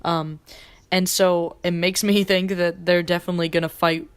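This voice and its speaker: A woman's voice: on the low side, little pitch movement, normal speed, clear, resonant tone, no room sound. A young woman hosting a pop-culture podcast, chatting casually and rambling with fillers. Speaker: podcast host.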